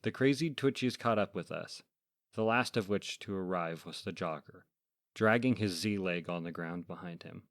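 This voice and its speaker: A man narrating a first-person horror fable in a measured, deadpan, scripted way as host of a story podcast. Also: deep voice, no echo, clean studio sound.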